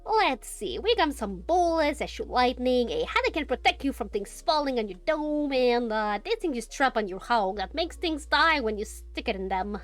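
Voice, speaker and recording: A woman's voice: fairly high pitch, big pitch swings, normal speed, hardly any pauses, no room sound, soft background music. A woman voicing a male spider-like merchant creature with an Australian accent and folksy sales patter. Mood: chummy.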